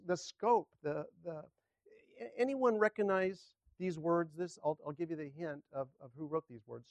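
An older man preaching a sermon as pastor, halting and repeating words as he speaks. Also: high-pitched, no echo. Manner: halting, repeats words, leads congregation in a hymn.

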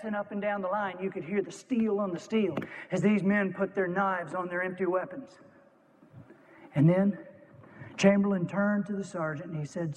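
High-voiced man telling a dramatic story. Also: a little fast, darkish tone. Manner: vivid, punchy delivery with acted-out quotes. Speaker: speaker telling a war story. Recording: long reverb of a large hall.

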